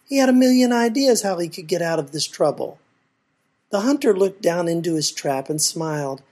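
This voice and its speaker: Woman telling a folk tale, lowish husky voice, measured and expressive. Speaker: storyteller. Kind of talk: reading a folk tale aloud.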